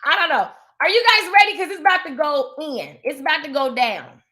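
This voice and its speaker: High voiced woman, sassy motivational livestream talk, preachy repeats. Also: animated, brisk, sharp tone. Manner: sassy, preachy, emphatic repetition. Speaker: livestream host.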